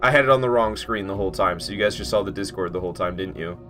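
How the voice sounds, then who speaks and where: A man's voice: deep voice, rapid-fire, a bit bright, soft background music. A man streaming a video game, chatting casually with his viewers, swearing often and sounding amazed at his own old run. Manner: incredulous, swears freely, talks to chat. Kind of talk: casual live-stream commentary.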